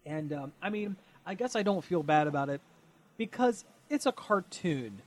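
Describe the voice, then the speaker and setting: A man's voice: a little high, animated, moderate pace. A man co-hosting a casual chat, rambling with many fillers and frequent laughs. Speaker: podcast co-host.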